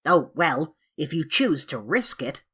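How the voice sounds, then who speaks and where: A woman's voice: deep voice, very animated, a little slow, fairly bright tone, full character voice. A woman playing a grumbling, grumpy sand fairy. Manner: gruff and complaining, voice cracking. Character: grumpy, self-pitying male sand fairy.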